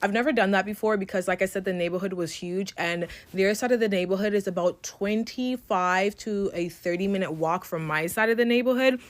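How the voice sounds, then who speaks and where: A young adult woman telling a story straight to her viewers, plain spoken and full of swearing. Her delivery is animated and unfiltered, like a casual storytime video. Her pitch sits in a normal middle range. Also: a little fast, hardly any pauses. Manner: candid, profane, animated retelling. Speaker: storytime vlogger.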